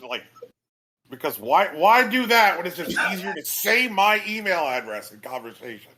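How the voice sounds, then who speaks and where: A man's voice: high-pitched, very animated, moderate pace, bright, forceful tone. A man co-hosting a podcast in casual chat, telling stories in a rambling way with many restarts and "um"s. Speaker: podcast co-host.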